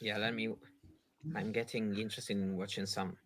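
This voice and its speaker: Man, bright sharp voice, hesitant fillers, casual stats chat. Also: on the low side, level tone, moderate pace, slight background noise. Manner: hesitant, many fillers, stat-minded. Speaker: podcast co-host. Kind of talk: casual live watchalong chat.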